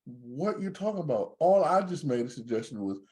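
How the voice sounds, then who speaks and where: A man's voice: mid-range voice, fairly quick. A man co-hosting a podcast, in casual joking banter. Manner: joking, animated storyteller. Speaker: podcast co-host.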